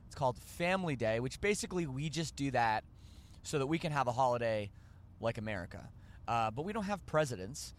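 A man's voice: mid-range voice, big pitch swings, fairly quick. A man hosting a podcast, rambling and joking as he corrects himself mid-sentence. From Canada. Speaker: podcast host. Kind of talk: casual podcast chat.

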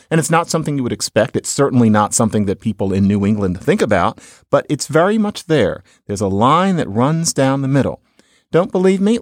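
A man's voice: mid-range voice, no room sound. Middle-aged american guy explaining accents, chatty and wry, dry close mic. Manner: chatty, wry asides, lively intonation. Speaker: podcast host, linguist. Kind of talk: casual lecture with audio clips.

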